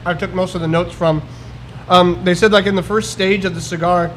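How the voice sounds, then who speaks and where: A man's voice: sits high, steady tone, a little fast, a little hiss or hum. A man co-hosting a casual podcast chat, reading listener messages and hesitating with fillers. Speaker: podcast co-host.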